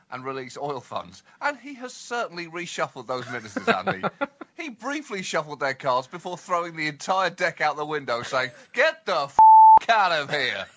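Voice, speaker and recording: A man co-hosting a comedy podcast, with animated, mock-indignant comic delivery. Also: a little high. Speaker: co-host.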